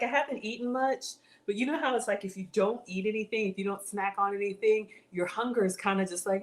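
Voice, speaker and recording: Her mid-range voice moves quickly as she laughs and chats with viewers on a casual live stream, cooking in her home kitchen. Born in Africa and raised in the American South, she speaks with a slight Southern drawl.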